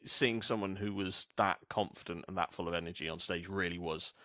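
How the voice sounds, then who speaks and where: A man's voice: low-pitched, steady tone, a little fast, pushed and bright, no room sound, studio quality. A man from the UK hosting a casual podcast chat, rambling through asides and swearing freely. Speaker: podcast host.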